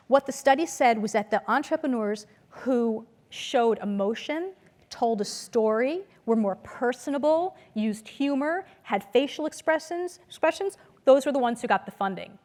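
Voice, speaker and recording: Woman lecturer telling stories at a talk. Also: fairly high pitch. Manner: lively storytelling, acts out quoted voices. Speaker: business school lecturer. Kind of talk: conference talk. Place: lecture hall.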